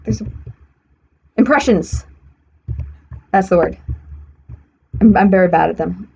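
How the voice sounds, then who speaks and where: A woman's voice: mid-range voice, measured pace, creaky, darkish tone, slightly rough. A young woman streaming a building game, rambling to herself as she works and often correcting herself mid-sentence. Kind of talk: casual gameplay commentary. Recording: slightly muffled stream audio, faint hiss.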